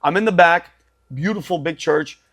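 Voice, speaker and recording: A man in his forties tells his story on a podcast, his voice sitting a little high. He talks emphatically, circling back over his words and dropping "bro" and "dude" as he goes. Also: moderate pace, fairly bright tone. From Assyrian family. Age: 40s. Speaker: guest.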